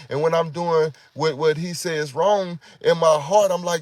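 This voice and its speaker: A man's voice: fairly high pitch, steady tone, moderate pace, hardly any pauses, a little mellow, no room sound. A man giving an informal sermon, talking conversationally, often repeating words and acting out quoted prayers. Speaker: preacher.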